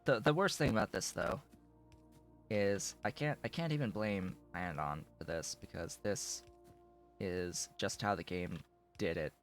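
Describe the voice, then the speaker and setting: A man's voice: sits low, measured pace, soft background music. A man streaming a factory-building game, mumbling casual commentary to himself while his voice is going. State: losing his voice.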